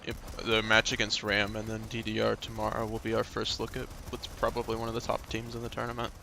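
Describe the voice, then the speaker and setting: A man casting a live esports match, giving relaxed analysis and schedule notes. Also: lowish voice, fast, creaky, a little hiss or hum. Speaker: esports caster.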